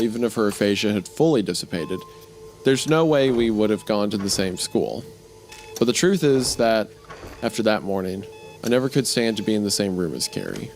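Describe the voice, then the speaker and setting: A man hosting a podcast, reading a story aloud steadily and breaking off to laugh and comment casually. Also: lowish voice.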